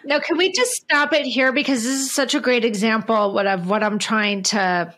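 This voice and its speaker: A woman's voice: on the high side, normal speed, fairly bright tone. Earnest woman podcast host. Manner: earnest, explanatory, steers with questions. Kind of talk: podcast interview.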